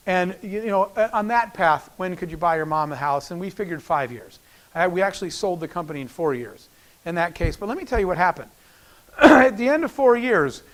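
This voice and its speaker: Delivering a keynote speech, a middle-aged man with a high-pitched voice recounts a personal story. He's an animated storyteller who acts out the quoted lines, and he is clearly moved and emotional as he goes.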